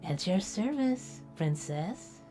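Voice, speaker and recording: A woman voicing a sleepy, doting young female companion who speaks softly and affectionately in an animation. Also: mid-range voice, expressive, takes it slowly, soft background music. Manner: soft-spoken, drowsy and affectionate.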